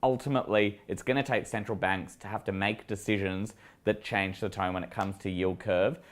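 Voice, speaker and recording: A man's voice: on the low side, steady tone, normal speed. A man with an Australian accent, a guest strategist talking through markets in a casual, analytical way.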